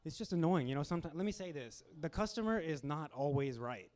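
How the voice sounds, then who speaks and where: A young man hosting a stand-up comedy show in a small club, talking casually with deadpan asides and acting out customers. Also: a little high, fast talker, slight background noise.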